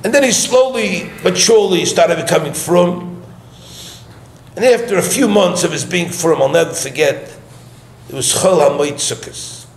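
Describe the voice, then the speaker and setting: Middle-aged male rabbi, animated storyteller; gravelly voice, faint hum behind him. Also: high voice, moderate pace. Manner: animated, acts out the dialogue. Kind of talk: sermon storytelling. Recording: echoey room, faint background hum.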